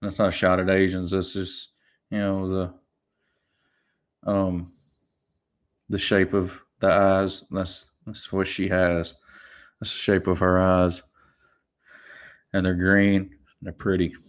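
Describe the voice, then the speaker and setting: A young man in his twenties, voice sitting a little low, rambles through stories on his solo podcast. He chuckles as he goes and keeps restarting his sentences, casual and unscripted. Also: completely flat delivery, takes it slowly, pauses often. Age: 20s. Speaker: podcast host.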